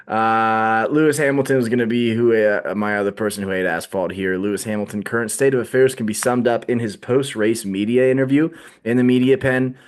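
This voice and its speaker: Low-voiced dude cohosting a podcast, laid back and jokey, laughing a lot. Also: male voice, fairly even intonation, moderate pace, clear, resonant tone. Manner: joking, laughs often. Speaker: podcast co-host. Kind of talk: casual chat.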